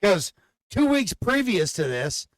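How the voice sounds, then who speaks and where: A man co-hosting a casual podcast, telling long, profane, animated stories about his dog. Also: high-pitched, takes it slowly, dry recording. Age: adult father. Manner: profane, animated rambling storyteller. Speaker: podcast co-host. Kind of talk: casual chat, storytelling.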